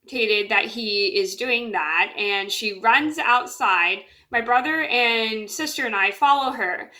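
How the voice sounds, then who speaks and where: A woman with a bright, somewhat high voice tells a personal story straight to camera. Her talk is loose and rambling, full of fillers and restarts, and she keeps trailing off with "blah, blah, blah". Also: a little slow. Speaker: storyteller vlogger.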